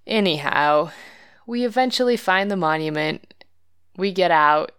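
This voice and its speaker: Smooth-voiced woman hosting a podcast. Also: lowish voice, expressive, unhurried, fairly bright tone, no echo, clean studio sound. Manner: candid, self-deprecating storytelling with light laughs. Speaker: podcast host. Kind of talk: scripted podcast narration.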